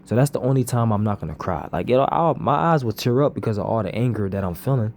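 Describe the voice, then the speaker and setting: Man, casual motivational vlog, earnest and repetitive, warm mellow tone. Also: fairly low pitch, lively intonation, fast talker, a little hiss or hum. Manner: earnest, repetitive, peppered with "bro" and "you know what I'm saying". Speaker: vlogger.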